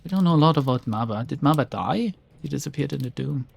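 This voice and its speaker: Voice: medium pitch, lively intonation, quick pace, creaky, slightly rough, dry recording. A streamer giving casual let's play commentary in an exasperated, sarcastic tone, often swearing.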